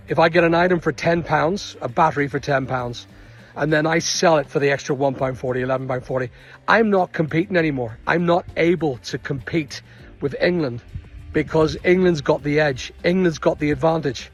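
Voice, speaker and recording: A middle-aged man from Northern Ireland with a Northern Irish accent, an online seller venting indignantly to camera about rising costs. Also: on the high side. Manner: exasperated, indignant, repetitive. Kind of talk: angry rant to camera.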